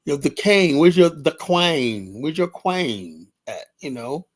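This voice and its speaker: A man's voice: fairly high pitch, very animated, slow pace. A man hosting a casual live stream, talking off the cuff in a loose, rambling way. He addresses viewers by name and breaks into laughter as he goes. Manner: rambling, laughs often, talks to chat by name.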